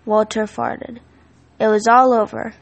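A woman reads a children's picture book aloud. Her voice sits fairly high and carries some gravelly fry. Her delivery is steady and expressive, like a storyteller at bedtime. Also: unhurried, rough recording.

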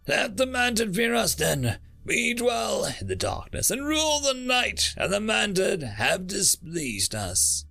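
Man voicing fiery woman orator, raised pitch, gravelly edge, lively swings, storybook reading. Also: takes it slowly, few pauses, faint music behind, heavily acted. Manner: impassioned declaiming. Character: fiery female underground cult orator.

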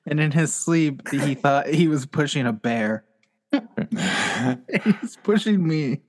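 A man's voice: on the high side, animated, slow, darkish tone. A man co-hosting a comedy podcast, chatting casually and laughing often as he talks. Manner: giggly, laughs often while talking. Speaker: podcast co-host.

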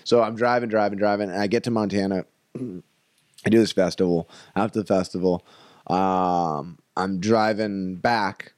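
A man's voice: sits low, fairly even intonation, unhurried, darkish tone, no room sound, clean studio sound. A young man, a stand-up comedian, telling a long story in casual chat, with lots of "like" and "you know" fillers. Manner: rambling, filler-heavy, with many "like" and "you know".

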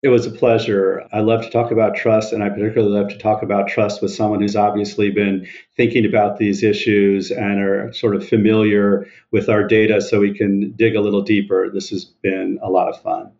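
A man's voice: on the low side, flat delivery, brisk, vocal fry, hardly any pauses, darkish tone, dull audio. A man as a podcast guest, giving earnest interview answers and building up lists with emphasis.

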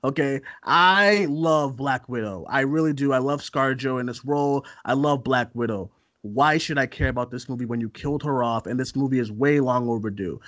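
A man's voice: medium pitch, normal speed, few pauses, fairly bright tone, no echo. A man co-hosting a casual film podcast, talking animatedly and acting out quotes in a raised voice. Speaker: podcast co-host, film editor.

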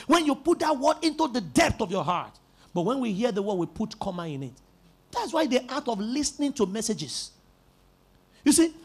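Husky high-voiced man preaching emphatically. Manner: emphatic preaching with repeated words and rising shouts. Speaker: pastor. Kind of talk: sermon.

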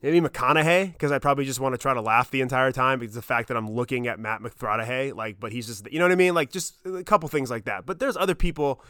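A man in his thirties hosting a podcast, telling a personal story in a casual, excited way, swearing often and getting choked up. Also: medium pitch, fast talker, few pauses, clean tone, no echo, studio quality. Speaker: podcast host.

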